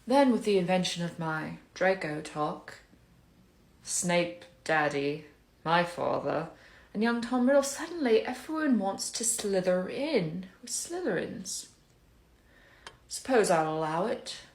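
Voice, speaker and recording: Woman playing a sardonic Slytherin man, dry and disdainful, very low voice, slow drawl. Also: expressive, echoey room. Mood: haughty. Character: brooding sardonic Slytherin man, cold and proud.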